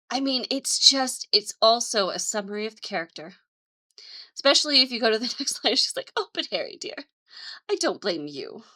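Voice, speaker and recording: Bright-voiced chatty woman host. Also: medium pitch. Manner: chatty, enthusiastic, with frequent giggles. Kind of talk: casual vlog chat.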